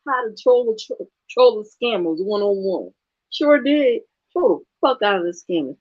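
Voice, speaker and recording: Woman, blunt sassy rant, swings her pitch a lot, dry slightly dull sound. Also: big pitch swings, normal speed, no room sound. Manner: blunt, sassy, profane, laughs often. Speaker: channel host. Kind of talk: casual vlog rant.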